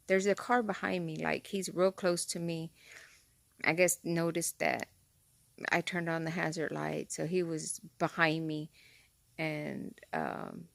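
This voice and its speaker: Chatty woman vlogger with a gravelly edge. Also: fairly low pitch, dry recording. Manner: talks straight to viewers, rambling and excitable, says "freaking" a lot. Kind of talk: casual chatty storytelling to camera. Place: inside a car.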